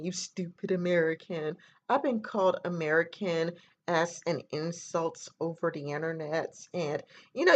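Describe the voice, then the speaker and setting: A woman's voice: medium pitch, lo-fi sound. A woman talking straight to camera in a casual opinion monologue, rambling and earnest, with lots of "you know" and "like". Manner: earnest, lecturing. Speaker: vlogger.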